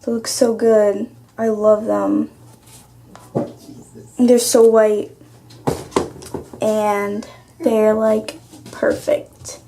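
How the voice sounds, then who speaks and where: A woman's voice: medium pitch, little pitch movement, extremely slow, pauses often, mellow, slight background noise. A teenage girl vlogging in casual chat, rambling through a story with lots of "like" and sounding exasperated as she vents. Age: teens. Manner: rambling storytelling, heavy use of "like"; exasperated, venting.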